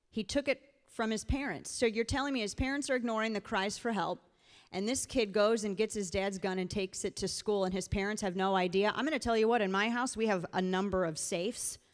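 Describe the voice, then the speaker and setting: A middle-aged woman from the rural Missouri Ozarks gives an emphatic, story-driven political rally speech in a large event hall. Her voice is mid-range and fairly quick, and the live hall adds long reverb.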